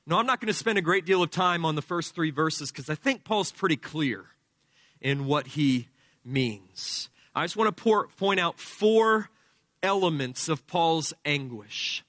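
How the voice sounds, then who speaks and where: This is a man delivering an expository sermon, walking through his points in careful order. His voice sits high and ringing, and the dry sound keeps him close to the ear. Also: bright, forceful tone, no echo. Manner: emphatic, methodical teaching with numbered points. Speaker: preacher.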